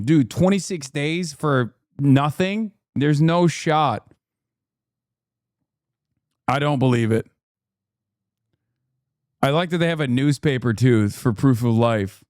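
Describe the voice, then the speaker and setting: A man's voice: mid-range voice, slow pace, pauses often, a little mellow, no room sound, clean studio sound. A man from the United States giving casual, sarcastic livestream commentary on politics. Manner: sarcastic, joking.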